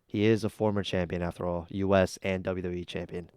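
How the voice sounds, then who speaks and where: A man's voice: deep voice, level tone, a little fast, darkish tone, smooth, no room sound, studio quality. A man hosting a casual reaction video, giving blunt, chatty opinions with plenty of ums and uhs. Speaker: YouTube reaction host.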